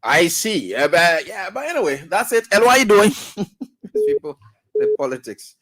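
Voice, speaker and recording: Liberian English male call-in host, fairly high voice, dry studio sound, jokey. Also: very animated, normal speed, fairly bright tone, no echo. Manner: laughs often, teasing. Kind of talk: casual call-in radio talk. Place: radio studio.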